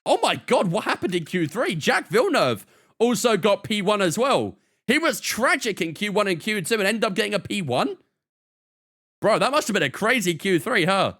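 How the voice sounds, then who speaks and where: A man's voice: high-pitched, sing-song, moderate pace, fairly bright tone. A man streaming a racing game, chatting casually with his viewers. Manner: chatty, talks to chat, often laughs off.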